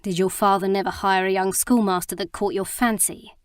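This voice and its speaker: A woman reading the part of a blunt, teasing young husband in an audiobook, in a gruff, frank manner and dry sound. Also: medium pitch, fairly even intonation, a little fast, no room sound, lightly acted.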